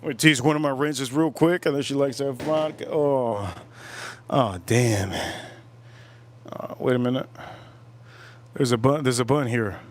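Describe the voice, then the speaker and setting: A man's voice: mid-range voice, unhurried, long pauses, slight background noise. Rambling man on a crude livestream. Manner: rambling, repeats himself, crude jokes. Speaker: livestream host. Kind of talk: casual livestream chat while drinking.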